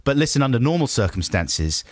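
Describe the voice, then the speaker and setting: A man's voice: mid-range voice, sing-song, fairly quick. A man, co-hosting a radio show in casual, playful, rambling banter from a studio. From England. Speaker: radio host. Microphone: studio mic.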